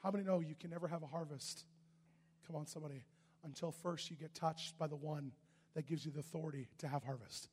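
A man preaching a sermon, telling a story animatedly and often shouting, with a husky voice. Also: fairly high pitch, steady tone, fast talker, big-room sound.

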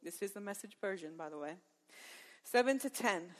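A woman's voice: medium pitch, normal speed. A middle-aged woman telling a personal faith story in a sermon-like talk, acting out her own thoughts and laughing often. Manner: lively storyteller who acts out her own inner dialogue and laughs often. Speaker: Christian women's speaker.

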